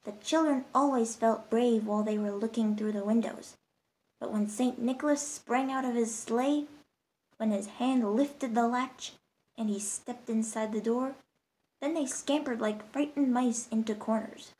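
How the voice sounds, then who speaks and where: High-voiced woman reading a storybook. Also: measured pace, a little mellow, rough recording. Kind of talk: storybook narration.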